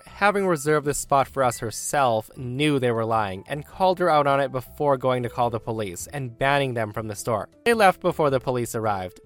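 Lively male story narrator with light music. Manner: lively storytelling, voicing quoted people with raised pitch. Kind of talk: reading a story aloud.

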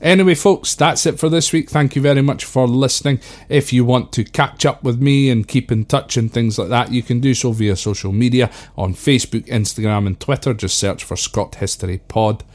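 A man's voice: mid-range voice, moderate pace, hardly any pauses. A man hosting a history podcast, talking casually and calling his listeners folks. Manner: chatty, addresses listeners as folks.

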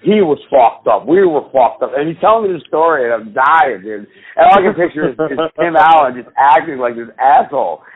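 Man, husky voice, profane rambling storyteller, phone-like tinny sound. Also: fairly high pitch, animated, fairly quick, few pauses. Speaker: podcast co-host. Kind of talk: profane casual chat.

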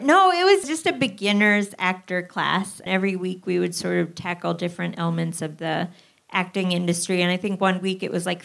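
A woman guest telling a comic story at a live theatre show, deadpan and self-deprecating. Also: on the low side, creaky. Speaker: comedian guest.

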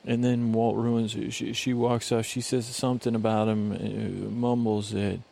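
A man's voice: fairly low pitch, level tone, unhurried, vocal fry, mellow. A man hosting a bedtime podcast, giving a meandering, digressive recap full of fillers and restarts. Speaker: podcast host.

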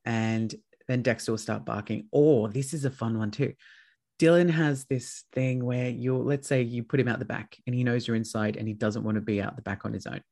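A man hosting a casual chat, telling lively stories with plenty of swearing. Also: mid-range voice, moderate pace, creaky. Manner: chatty, swears freely, tells animated stories.

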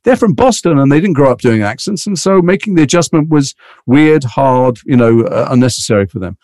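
Here a man from Liverpool, England, an actor appearing as a guest, chats casually and tells quick, winding, animated stories. His pitch is medium and his mixed British accent holds slight Liverpool and London traces. The recording is studio quality and echo-free.

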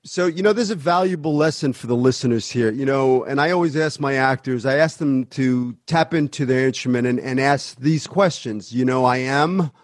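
A man's voice: medium pitch, moderate pace, hardly any pauses, dry recording, clean studio sound. A man hosting an interview, an acting coach who speaks enthusiastically and explains his method. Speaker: podcast host and acting coach. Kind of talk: interview conversation.

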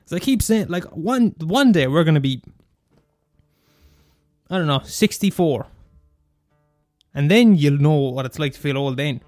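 A man's voice: on the high side, a little slow, pauses often, dry recording, studio quality, soft background music. A young man in his twenties with an Irish accent, ranting casually and cursing freely. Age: 20s. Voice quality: sweary, animated rant. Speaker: student radio host. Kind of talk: casual monologue.

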